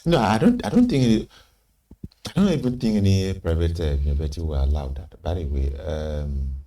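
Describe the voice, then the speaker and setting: A man with a very low voice leads a TV studio panel, and his emphatic points break into sudden high leaps. He is picked up from a little way off the mic, with a faint hiss under his voice. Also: expressive, a little fast, dark tone. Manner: emphatic, with sudden upward pitch jumps. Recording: slightly distant mic with faint noise.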